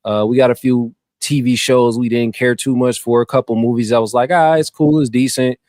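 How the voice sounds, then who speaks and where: A man with a mid-range voice hosts a podcast, chatting loosely about a film at a brisk clip. The recording is studio quality with no room sound, and his relaxed, slangy review keeps stumbling over names.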